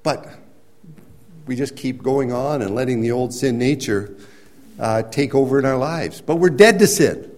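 A man's voice: medium pitch, a little slow. Man preaching a verse-by-verse sermon. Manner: explanatory, rises to emphatic near-shouting at points; conversational with restarts and everyday examples. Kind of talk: sermon teaching.

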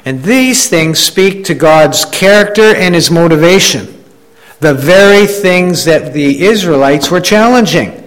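A man's voice: fairly high pitch, animated, unhurried, low-quality recording. A man preaching a sermon in a conversational way, often restarting his phrases and acting out the people he quotes. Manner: conversational preaching with frequent restarts and "you know"; acts out quoted complainers in a raised voice. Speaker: pastor.

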